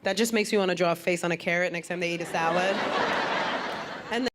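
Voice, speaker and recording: A woman with a fairly low voice talks fast through a punchy stand-up set on a comedy stage, voicing the characters in her stories. The live club recording picks up the crowd, its laughter, and general room noise.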